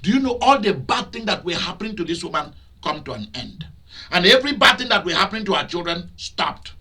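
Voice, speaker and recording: Man preaching, high voice, very bright tone, shouted outbursts. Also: sing-song, a little fast, breathy edge. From Nigeria. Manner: preaching with loud outbursts and laughter. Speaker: pastor. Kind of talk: sermon.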